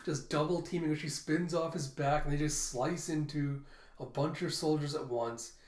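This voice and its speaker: A man's voice: fairly high pitch, fairly even intonation, moderate pace, a little mellow. A man who hosts a comic readthrough, casually describing the panels with fillers along the way. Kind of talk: casual comic read-aloud narration. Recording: roomy echo.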